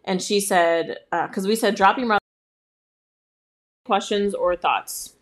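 A woman co-hosting a casual chat in a relaxed way, reading listener messages aloud. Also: medium pitch, unhurried. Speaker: podcast co-host, stepmom.

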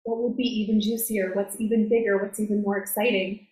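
A woman success coach talking in a casual, animated way, full of fillers and acted-out quotes. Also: mid-range voice, a little fast. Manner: animated, filler-heavy, acts out quoted voices. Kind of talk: casual conversational interview. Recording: roomy echo, faint noise.

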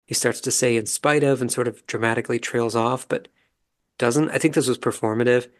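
A man hosting a podcast, giving a calm, measured, analytical commentary as he recaps a reality show episode. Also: medium pitch. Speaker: podcast host.

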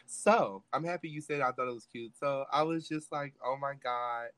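Speaking at a normal pace in a medium-pitched, fairly bright voice with no echo, a young podcast co-host recounts a story. He dramatizes it, acting out each line of dialogue and swearing freely.

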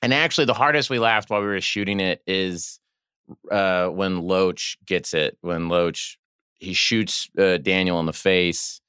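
A man guest on a podcast telling animated stories about filming, acting out the people he quotes. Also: deep voice, measured pace, clean tone, no echo, studio quality. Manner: animated, acts out quoted voices. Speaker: guest actor and director. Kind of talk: casual storytelling chat.

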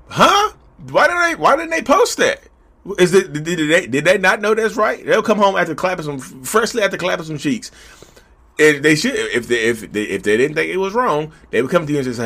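A man speaking to camera in a fairly high voice that swings widely in pitch. He talks casually and preaches a little, addressing his viewers again and again. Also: very animated, fairly quick, pushed and bright. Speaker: vlogger.

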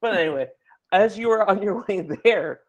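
A man's voice: high voice, animated, normal speed, dull audio. A man hosting a podcast who jokes around and sets up absurd scenarios for his guest. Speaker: podcast host. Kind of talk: casual interview chat.

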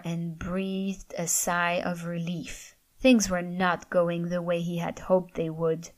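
A woman reading a story aloud as an audiobook narrator, in a steady, even storytelling manner. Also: lowish voice.

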